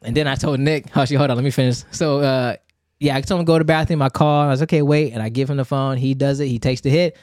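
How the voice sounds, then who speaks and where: A man's voice: medium pitch, steady tone, fast talker, darkish tone, no room sound, studio quality. A man co-hosting a casual chat, telling a story animatedly and acting out both sides of the conversations. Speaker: podcast co-host.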